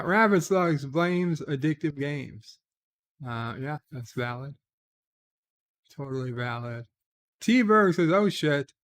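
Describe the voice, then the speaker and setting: Slow-talking man reading chat aloud. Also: fairly high pitch, a bit bright. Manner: reads chat comments aloud and replies offhand, frequent "uh" hesitations. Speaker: livestream host reading viewer chat. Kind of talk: casual late-night live stream chat.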